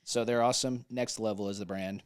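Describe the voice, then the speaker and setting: A man with a fairly low voice chats casually as a podcast co-host. He rambles in a jokey way, often trailing off mid-thought and starting over. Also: fairly even intonation, brisk, clear, resonant tone, no room sound, studio quality. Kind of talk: casual chat.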